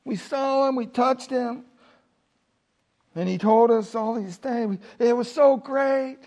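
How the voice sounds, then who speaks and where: A man voicing a group of male disciples eagerly telling their friend what they just saw, a bit higher and softer than his normal speech. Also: takes it slowly, full character voice. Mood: excited.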